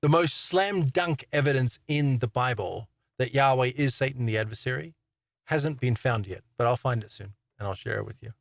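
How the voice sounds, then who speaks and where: A man's voice: medium pitch, moderate pace, creaky, no room sound. A man hosting his own channel, talking casually and rambling through a monologue with many fillers, restarts and chuckles. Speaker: online Bible teacher and channel host.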